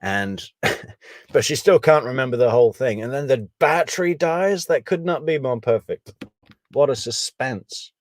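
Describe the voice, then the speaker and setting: A man giving casual, analytical true crime commentary, measured and thinking aloud, with wry asides. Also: mid-range voice, no echo.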